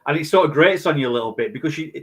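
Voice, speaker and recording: A man's voice: fairly high pitch, expressive, very fast, husky. Rambling man, podcast co-host. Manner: rambling, many restarts. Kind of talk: casual chat.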